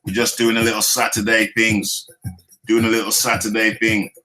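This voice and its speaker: With a lowish voice that is pushed and bright, a British man from the United Kingdom talks at a moderate pace in a completely flat delivery, soft music in the background. He hosts a live boxing talk stream, teasing and joking with viewers in loose, repetitive chat, laughing often and repeating phrases.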